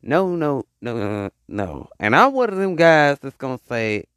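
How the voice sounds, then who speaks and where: A man giving casual relationship advice to women in an animated, repetitive, rambling way, often mocking. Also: mid-range voice, unhurried, few pauses, clean tone, no room sound, clean studio sound.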